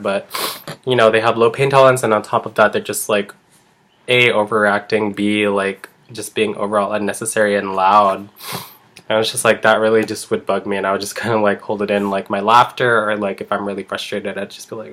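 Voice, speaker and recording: Rambling man with a low voice. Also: flat delivery, normal speed, fairly bright tone. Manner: rambling, heavy use of "like". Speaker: eyebrow artist. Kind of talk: casual chat vlog.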